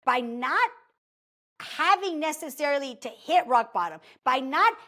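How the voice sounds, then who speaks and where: A podcast host with a slightly high voice speaks to her listeners in a casual, motivational way, a little slowly. She's chatty and animated throughout, keeping her story moving with plenty of "like" and "okay?"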